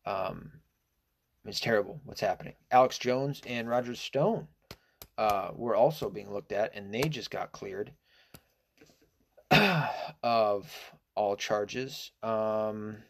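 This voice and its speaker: A man talks through a casual opinion monologue in a low, gravelly voice with plenty of fry. He rambles and restarts, leaning on fillers, and swears often in an indignant tone. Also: slow pace. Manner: profane and indignant. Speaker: political commentator.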